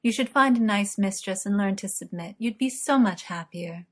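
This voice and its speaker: A woman reading aloud, voicing a mocking young woman who teases with scornful, drawn-out words. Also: medium pitch, close to an everyday voice.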